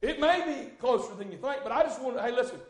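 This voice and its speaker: A man preaching a fervent sermon in a church, swinging from hushed tones to loud shouting and calling out "hey, listen.". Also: extremely high pitch, expressive, quick pace. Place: church sanctuary. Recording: echoey church room.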